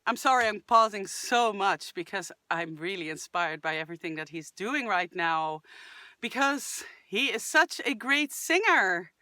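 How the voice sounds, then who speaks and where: A woman hosting a singing channel, reacting and giving vocal tips in chatty, enthusiastic talk, sometimes breaking into sudden shouted cries and sung fragments to demonstrate. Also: medium pitch, lively intonation, measured pace, faint music behind.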